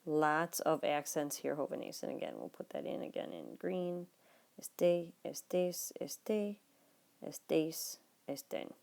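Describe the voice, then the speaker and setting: Low gravelly-voiced woman teacher. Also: big pitch swings, a little slow, darkish tone. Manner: explaining patiently, talking to students directly; drops to a low, near-whispered aside while writing. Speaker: Spanish teacher. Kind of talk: recorded classroom lesson notes.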